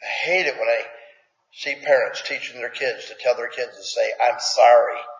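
A man's voice: medium pitch, normal speed, a bit bright. A man preaching a sermon in a plainspoken, conversational way, asking his congregation questions. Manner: plainspoken, folksy. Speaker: pastor. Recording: echoey hall, dull lo-fi sound.

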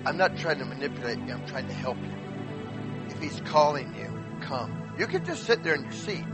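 Pleading preacher man over loud music. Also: mid-range voice, sing-song, brisk. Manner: urgent, pleading exhortation. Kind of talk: altar call sermon.

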